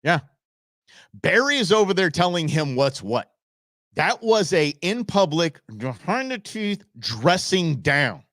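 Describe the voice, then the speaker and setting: A man hosts a live political show from a small studio, sarcastic and loose, dropping into mocking impressions. His pitch leaps up and down as he goes. The sound is close and dry, with no room around it. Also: big pitch swings, a little slow, a bit bright, no room sound. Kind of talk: casual live-stream political commentary. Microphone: studio microphone.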